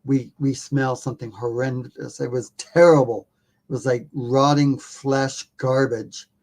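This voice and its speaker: Animated, self-mocking male storyteller. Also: medium pitch, unhurried. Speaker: podcast guest, documentary filmmaker. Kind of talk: casual storytelling.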